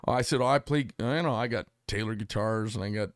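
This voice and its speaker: Recorded with studio quality and no echo in a small workshop studio, this middle-aged podcast host, who is also a knifemaker, speaks in a fairly low voice at a slightly quick clip. His casual chat runs to long, lively stories where he performs the quotes and doesn't hold back on swearing.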